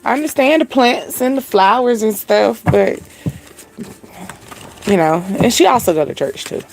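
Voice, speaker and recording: A woman's voice: fairly high pitch, animated, normal speed, gravelly, faint music behind. A young woman hosting a spiritual channel, giving a casual live-stream reading in a chatty, laid-back way with frequent laughter.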